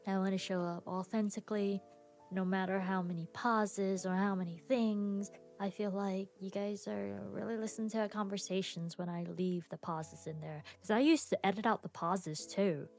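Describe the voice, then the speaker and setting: A woman hosting her own podcast on a live stream, chatting casually with viewers, laughing often and leaving long pauses and restarts. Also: medium pitch, fairly even intonation, a little mellow, faint music behind.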